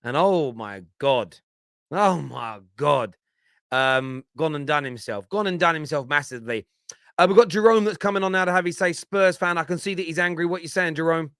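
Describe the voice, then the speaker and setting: A man's voice: on the high side, normal speed, a bit bright, smooth, no echo, studio quality. A man hosting a live football fan reaction show, talking emphatically and repeating phrases for effect.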